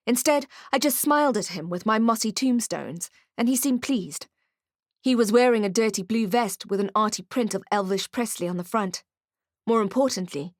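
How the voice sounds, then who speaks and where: A woman reading an audiobook in first person with wry, expressive storytelling. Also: a little high, no room sound, clean studio sound. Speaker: audiobook narrator. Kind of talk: scripted first-person narration.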